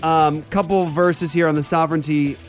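A man's voice: fairly high pitch, fairly even intonation, normal speed, faint music behind. A man hosting a church talk show, teaching theology in an emphatic style and repeating key phrases.

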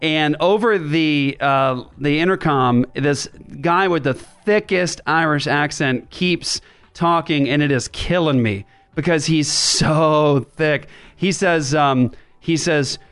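A fairly high-voiced man talks in an animated, rambling way, hosting a casual chat show from a makeshift studio. His voice comes across smooth and clear, and he keeps stopping and restarting mid-sentence. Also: slow pace, soft background music. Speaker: podcast host. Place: makeshift studio in a writers' room.

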